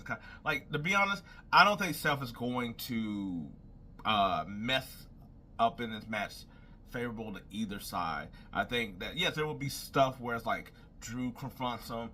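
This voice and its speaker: There's slight background noise as a young man with a fairly low, pushed and bright voice rambles through wrestling predictions. Talking casually solo, he thinks aloud and keeps saying "I was like."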